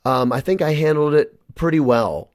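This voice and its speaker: A man's voice: on the high side, normal speed, dry recording. Man guest, earnest testimony, dry close studio mic. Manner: earnest, emotional storytelling. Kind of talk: personal testimony in a radio interview.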